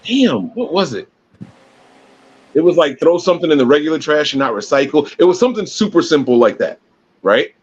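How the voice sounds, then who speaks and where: A man's voice: fairly high pitch, sing-song, a little fast, breathy edge. A man co-hosting a casual podcast, telling rambling stories full of restarts and fillers. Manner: rambling storyteller with many restarts. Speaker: podcast co-host. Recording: dull lo-fi sound.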